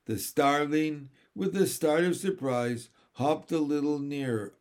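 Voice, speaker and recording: A man reads a children's story aloud at an unhurried, measured pace. His voice sits a little high and stays gentle throughout. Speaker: reader. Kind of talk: storybook narration.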